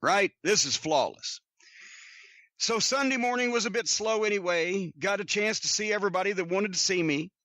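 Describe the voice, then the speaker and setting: Male podcast host, high and bright, profane rambling storyteller. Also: normal speed, dry recording, studio quality. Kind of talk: casual storytelling.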